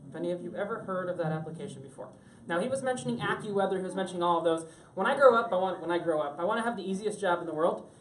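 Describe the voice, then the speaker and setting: A woman's voice: lowish voice, animated, racing, roomy sound, slight background noise, rough recording. A woman from Florida giving a chatty, joking live tech talk to an audience in a room on a cruise ship. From Florida, USA. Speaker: tech presenter.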